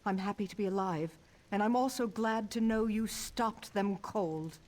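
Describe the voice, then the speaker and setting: A woman's voice: mid-range voice, normal speed, a little mellow, close to an everyday voice. An actress playing a gracious, anxious noblewoman countess in a video game, speaking formally and earnestly.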